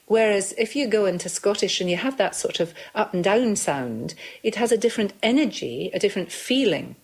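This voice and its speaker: A woman voice coach explaining how voices work in a measured, thoughtful way. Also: lowish voice, darkish tone. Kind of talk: explanatory interview talk.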